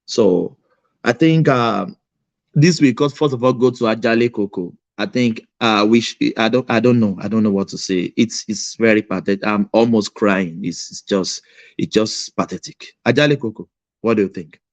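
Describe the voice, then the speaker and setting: A man's voice: fairly low pitch, moderate pace, no room sound. A man hosting casual commentary, hesitant with many fillers. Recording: dry, dull lo-fi mic.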